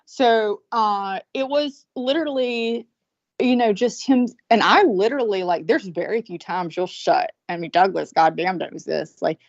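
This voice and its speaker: A woman's voice: mid-range voice, a little slow, vocal fry, dry recording. A woman with a Southern US accent, telling a rambling story in casual chat in a blunt, profane way. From American South. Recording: dull, lo-fi sound.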